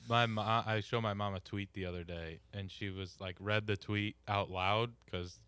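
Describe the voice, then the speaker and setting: A man's voice: fairly low pitch, steady tone, moderate pace, sharp tone, clear, resonant tone, no room sound. A man co-hosting a radio show, easygoing, telling family stories in casual chat. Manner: easygoing, tells family anecdotes.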